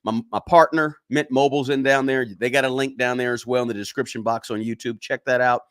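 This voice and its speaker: A man's voice: medium pitch, fairly even intonation, brisk, clean tone, dry recording, clean studio sound. A man hosting a live finance stream, talking casually and directly to his viewers and often repeating himself. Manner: chatty, talks straight to viewers, repeats himself. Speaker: finance livestream host. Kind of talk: casual livestream chat.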